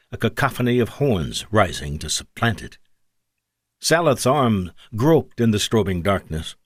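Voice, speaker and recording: A man's voice: no echo, clean studio sound. A man narrating an audiobook, shifting his delivery for the characters' lines. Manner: shifts pitch and pace for character dialogue. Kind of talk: scripted narration.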